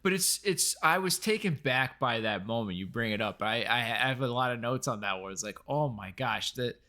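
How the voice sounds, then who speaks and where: A man co-hosts a casual film review podcast with a bright, clear, middle-pitched voice. He talks quickly and agreeably, dropping admiring asides about the film. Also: animated. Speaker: podcast co-host.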